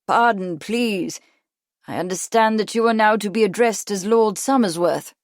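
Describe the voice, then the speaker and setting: A woman voicing a polite, bantering gentleman. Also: high voice, moderate pace, no room sound, clean studio sound. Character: short, lively gentleman writer.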